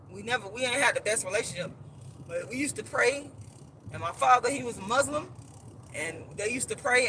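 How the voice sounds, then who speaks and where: A woman with a fairly high, sharp-toned voice, an author and activist, launches into an emphatic live-stream monologue aimed right at her viewers, whom she calls "y'all." She turns preachy and repeats words as her feelings rise. A slight hiss or hum is audible.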